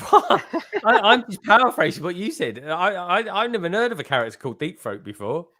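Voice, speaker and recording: A man's voice: high voice, very animated, brisk, pushed and bright, no room sound, clean studio sound. A man, a guest in a casual livestream chat, talking colloquially and laughing easily. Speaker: guest co-host.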